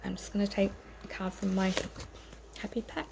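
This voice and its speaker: A woman's voice: mid-range voice, fairly even intonation, moderate pace, gravelly, background noise. A woman giving an informal tarot reading to camera, earnest and rambling, with frequent ums and self-corrections. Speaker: tarot reader.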